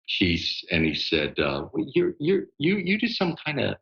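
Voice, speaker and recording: A man in his sixties, a voice actor, telling stories in a relaxed interview with many fillers and laughs. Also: medium pitch, normal speed, creaky, highs cut off. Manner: animated, laughing storyteller with lots of fillers. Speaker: guest voice actor. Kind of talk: casual interview storytelling.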